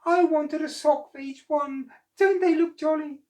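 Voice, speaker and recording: A man's voice: extremely high pitch, steady tone, unhurried, a little mellow, recorded from a distance, voice pushed up. A man voicing a friendly, jolly octopus in a children's story, with a cheery sing-song delivery.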